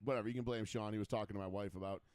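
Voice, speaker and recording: A man's voice: fairly low pitch, fairly even intonation, racing, a little mellow, clean tone, no room sound. A man hosting a casual talk show, bantering in a brash, joking, boastful way. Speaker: podcast host. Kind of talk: casual chat.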